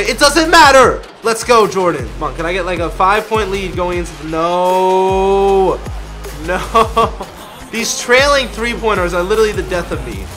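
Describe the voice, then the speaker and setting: A man giving live commentary over a basketball video game, excitable, shouting at his players and laughing often. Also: sits high. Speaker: gaming YouTuber.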